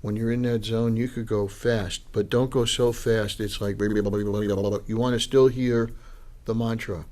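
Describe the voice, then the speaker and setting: A man's voice: on the low side, flat delivery, measured pace, a little mellow. A man teaching a Dharma class as a Buddhist lama, in an informal, chatty way that acts out the voices he quotes. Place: meditation class with students.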